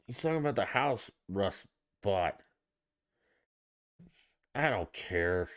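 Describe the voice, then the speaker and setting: A man's voice: lowish voice, animated, takes it slowly. A man hosting a solo podcast, ranting about sports in an exasperated, profane way. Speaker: podcast host.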